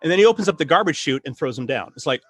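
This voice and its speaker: A middle-aged man hosting a casual chat on writing, telling stories in an animated way with laughs and many restarts. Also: a little high, rapid-fire, breathy edge, no room sound. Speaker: podcast host, writing coach.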